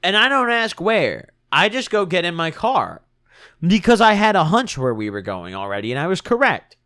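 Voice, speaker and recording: A young man telling a storytime vlog in an animated, slangy and profane manner. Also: high-pitched, normal speed. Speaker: vlogger.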